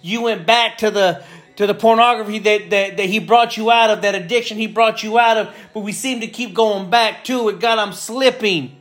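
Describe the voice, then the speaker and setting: A man's voice: high voice, fairly even intonation, normal speed, a bit bright. A man preaching a sermon with fervor, repeating phrases and building in intensity. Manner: fervent, repetitive, builds in intensity.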